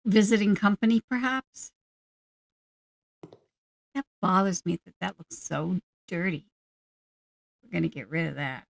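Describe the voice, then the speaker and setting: A woman giving casual gameplay commentary, musing aloud to herself at an unhurried pace. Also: on the low side, vocal fry, no echo. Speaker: gaming channel host.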